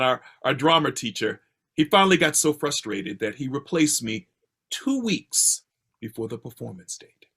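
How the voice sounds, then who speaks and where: An older man from Baltimore telling a personal story with a theatrical, expressive delivery, heard over a video call. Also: breathy edge. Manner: expressive, theatrical delivery with swings in pitch and pace.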